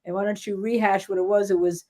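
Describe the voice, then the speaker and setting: A woman co-hosting a live legal show, reading viewer questions and bantering about a trial in a brisk, teasing way. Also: mid-range voice, level tone, warm tone. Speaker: co-host of a legal livestream. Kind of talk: casual chat about a trial.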